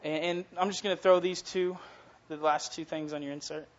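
A man's voice: fairly high pitch, steady tone, brisk, dull audio. A young man in his twenties preaching a casual, earnest sermon that swells into passionate emphasis. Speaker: youth preacher.

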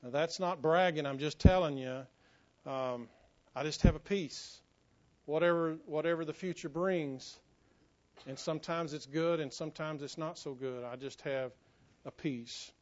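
A middle-aged man preaching a sermon in a folksy, self-joking way, softening his voice for personal stories. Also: fairly high pitch, measured pace. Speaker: pastor. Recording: muffled lo-fi sermon recording.

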